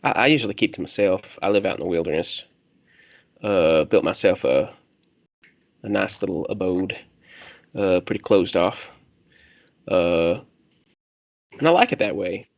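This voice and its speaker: A man's voice: low-pitched, animated, unhurried, creaky, pauses often, highs cut off, full character voice. A man voicing a wary, reclusive country hermit with a drawl, who rambles with many fillers and loses his train of thought.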